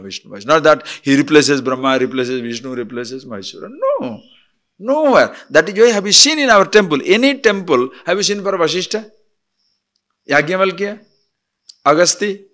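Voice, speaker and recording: A man's voice: a little high, fairly bright tone. A man giving a spiritual discourse as a teacher, blunt and teasing, full of rhetorical questions.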